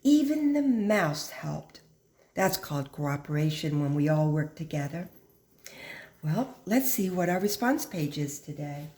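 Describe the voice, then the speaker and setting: A woman teacher reading a picture book aloud to children with expressive, dramatic pauses, then patiently explaining the lesson. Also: low voice, echoey room. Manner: gentle, patient classroom explaining.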